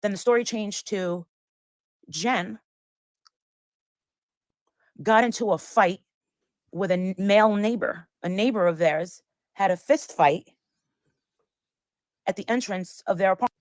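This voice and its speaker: A woman's voice: mid-range voice, measured pace, long pauses, no echo. A woman telling a story in casual chat, rambling and acting out the lines of the people in it. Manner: rambling, acts out quoted lines. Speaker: guest storyteller.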